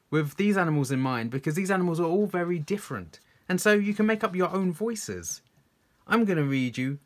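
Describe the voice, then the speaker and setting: A man, a children's poet, reading his poems aloud and encouraging young listeners to join in. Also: mid-range voice.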